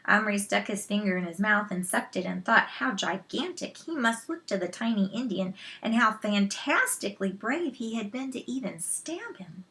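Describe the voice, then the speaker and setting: A woman reading a children's novel aloud, slow and measured, with soft asides to listeners. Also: mid-range voice, animated. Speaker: storyteller.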